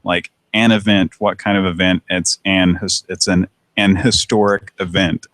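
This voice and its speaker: A man's voice: low-pitched, level tone, normal speed, a bit bright, no room sound. A man hosting a casual call-in chat show, rambling, correcting himself and swearing. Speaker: host. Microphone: internet call.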